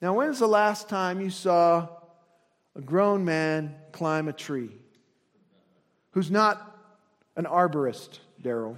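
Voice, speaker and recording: A man preaching a sermon as pastor, earnest, often dropping to a soft hush to drive a point home. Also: a little high, takes it slowly, pauses often. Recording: long reverb of a large hall.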